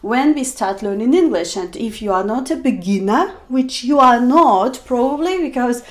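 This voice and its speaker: High, lively woman teaching slowly. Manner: slow and deliberate, acting out example sentences with emphasis. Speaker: English teacher. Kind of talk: explanatory video lesson.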